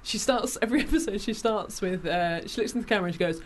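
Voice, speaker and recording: A woman's voice: medium pitch, quick pace, a little hiss or hum. A woman gushing about a show she loves in casual chat, laughing often and quoting others. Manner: enthusiastic, giggly, quotes people in little voices.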